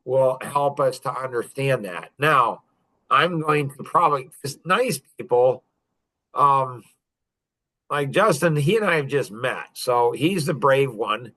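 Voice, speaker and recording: A man's voice: mid-range voice, expressive, takes it slowly, sharp tone. A man in his fifties telling stories on a podcast in a casual, joking and boastful way, laughing often. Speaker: podcast guest. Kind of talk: casual storytelling.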